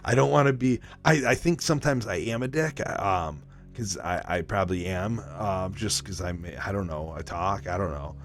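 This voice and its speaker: A man chatting casually with his live stream audience. He rambles excitably, swears constantly and breaks into laughter between stories. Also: low-pitched, moderate pace, hardly any pauses. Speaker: livestreamer.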